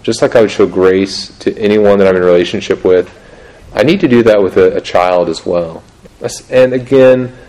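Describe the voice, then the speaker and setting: A middle-aged man talking through parenting in a casual, halting way, restarting sentences often and laughing at himself. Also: sits low, a little mellow, poor audio. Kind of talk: casual teaching talk on parenting.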